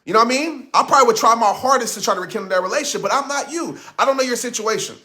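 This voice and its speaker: A man's voice: extremely high pitch, rapid-fire, sharp tone. A man giving a blunt, impassioned motivational talk. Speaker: motivational speaker.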